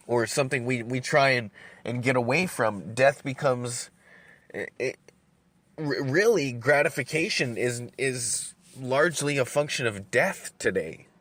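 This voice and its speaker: A man's voice: mid-range voice, a bit bright. Rambling, profane man ranting solo. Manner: rambling, profane, repeats words while thinking; smoking and drinking coffee while talking. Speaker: podcast host. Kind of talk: solo rant.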